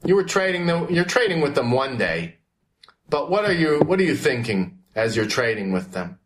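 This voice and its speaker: A man's voice: on the high side, big pitch swings, moderate pace. A man teaching a class, asking questions and calling on students by name. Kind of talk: classroom history lesson.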